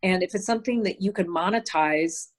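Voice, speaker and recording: A woman's voice: on the low side, fairly quick. A woman speaking as a guest on a video call, candid and chatty, with frequent restarts.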